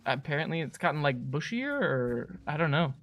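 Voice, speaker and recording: A young man co-hosting a livestream in casual chat, reacting quickly and excitably. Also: fairly high pitch. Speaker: livestream co-host.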